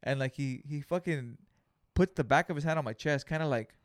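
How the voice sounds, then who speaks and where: Animated, cursing man telling a story. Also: a little high, a little fast, no echo. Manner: animated, profane storytelling, acts out the people in the story. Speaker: podcast co-host. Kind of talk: casual storytelling chat.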